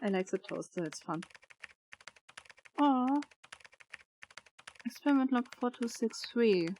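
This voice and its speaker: A woman's voice: medium pitch, darkish tone, slight background noise. A woman gaming streamer reading in-game reports aloud, stumbling over hard words and adding playful asides. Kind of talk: reading game text aloud while playing.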